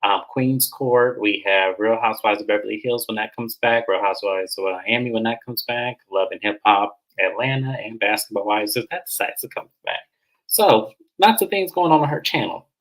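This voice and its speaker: A man hosting a casual reality TV recap, animated and chatty, slipping into high voices when quoting the cast. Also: moderate pace, rough recording. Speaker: host.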